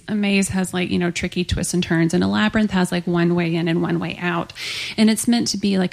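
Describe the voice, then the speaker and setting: A woman's voice: medium pitch, gravelly. A woman author in her thirties, chatting animatedly in an interview, filling with frequent "like"s. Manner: chatty, animated, lots of "like" fillers. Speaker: author guest. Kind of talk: casual interview chat.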